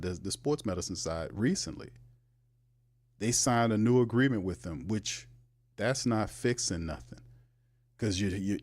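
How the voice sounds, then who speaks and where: This is a man, hosting a casual sports talk show. He talks in an animated, emphatic way, and his voice jumps up high when he makes a point. He keeps cutting in with "hold on now.".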